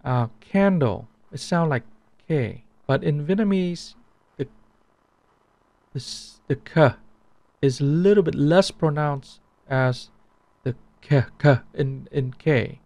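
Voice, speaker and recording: A man teaching a language pronunciation lesson, repeating each sound slowly so it can be compared. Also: on the high side, expressive, darkish tone, no echo.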